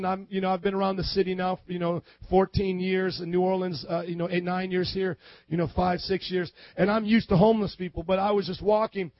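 High-pitched guy preaching hard, gets loud and shouty, dry lo-fi sound. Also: dry recording. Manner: impassioned preaching that swells into shouts. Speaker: pastor. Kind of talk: sermon.

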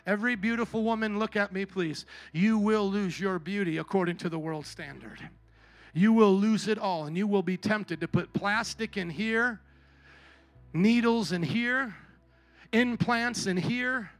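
A man preaching a sermon at a church service, swinging between quiet storytelling and shouted exhortation. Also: sits high, normal speed, faint music behind. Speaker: pastor.

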